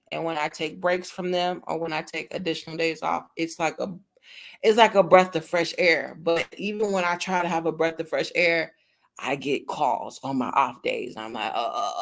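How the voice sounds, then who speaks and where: A young adult woman with a low, creaky, slightly bright voice chats casually on her livestream. She's blunt, cusses freely and addresses her viewers as "y'all."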